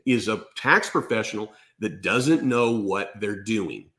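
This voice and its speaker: Male accountant host, mid-pitched, blunt and emphatic. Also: big pitch swings, measured pace, hardly any pauses, a bit bright. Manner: emphatic and blunt, repeats "okay?". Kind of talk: direct-to-camera tax advice.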